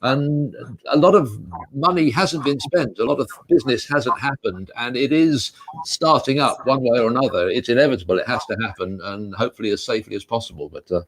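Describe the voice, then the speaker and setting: A man's voice: mid-range voice, fairly quick. A man with an English accent co-hosting a chat show, joking and rambling with chuckling asides over a video call. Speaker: co-host. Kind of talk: casual interview chat.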